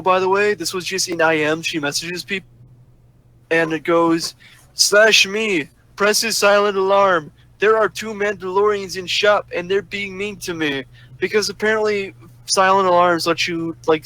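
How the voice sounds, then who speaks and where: A man's voice: high voice, sharp tone, low-quality recording. A man telling an exasperated, profanity-laden rant over a voice chat microphone. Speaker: voice chat participant. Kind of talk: ranting story on a voice call.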